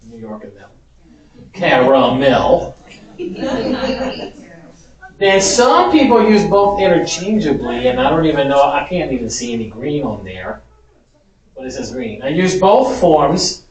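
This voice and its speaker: Lively male teacher, amused and chatty, miked from afar in a roomy hall. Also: on the high side, moderate pace. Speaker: Spanish teacher giving a talk. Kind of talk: informal lecture. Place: large echoey parish hall. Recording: echoey hall, distant mic.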